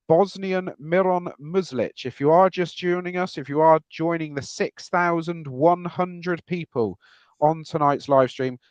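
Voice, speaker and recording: A man's voice: fairly high pitch, dry recording. Man, podcast host, casual rambling live-stream chat, dry close sound, slightly dull audio. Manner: relaxed, rambling, reading out viewer comments.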